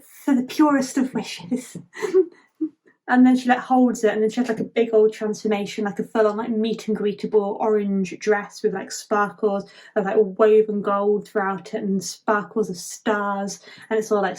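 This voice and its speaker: A woman's voice: mid-range voice, flat delivery, normal speed, a little mellow. A woman vlogger chatting casually as she retells a film plot, giggling and leaning on the filler "like".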